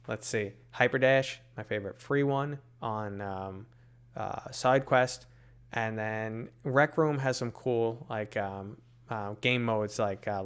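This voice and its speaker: A New York City man with a local accent answers live chat questions casually, reading them aloud and rambling off on tangents with plenty of filler words. His voice sits on the low side and has a clean tone.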